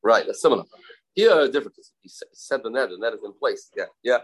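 A man teaching a Talmud lesson, halting and repeating phrases, mixing English with Hebrew and Aramaic terms. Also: mid-range voice, expressive, low-quality recording. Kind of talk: Talmud study class.

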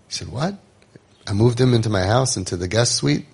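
A middle-aged man, telling stories from founding a home for troubled youth to parents, conversational and animated. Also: lowish voice, fairly quick, creaky, slightly rough. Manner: conversational, animated, acts out quotes. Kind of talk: storytelling talk to parents.

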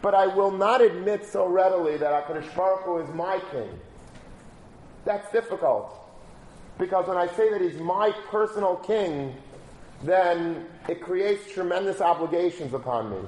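A man's voice: high voice, expressive, moderate pace, a little mellow, a little hiss or hum. A man giving a casual Torah talk, telling a story and using many Hebrew and Yiddish terms. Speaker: rabbi. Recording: echoey room, faint ambience.

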